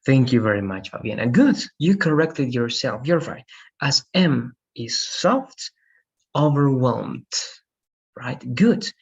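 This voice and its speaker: A man runs an online English lesson, slowly modeling words and gently correcting his students. His voice is a little husky and the call audio sounds dull and lo-fi. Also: mid-range voice, sing-song. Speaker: English teacher. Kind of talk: online class, pronunciation coaching. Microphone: video call.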